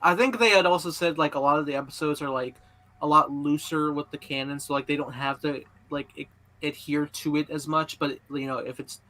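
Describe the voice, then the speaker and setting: Bright, joking male co-host. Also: a little high, steady tone, a little fast, rough recording. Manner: joking, laughs often. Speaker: podcast co-host. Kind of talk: casual chat.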